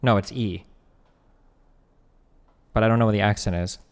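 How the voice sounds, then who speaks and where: A man's voice: on the low side, steady tone, clean tone. Young man streaming with a reverby mic. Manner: reads text aloud quickly, breaks off to chat and joke; swears casually. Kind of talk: casual live-stream commentary.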